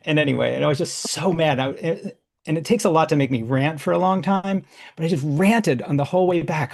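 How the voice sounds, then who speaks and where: A man hosting a workshop, telling a casual, animated story full of restarts and laughs. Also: a little high, a little fast, creaky. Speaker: workshop host.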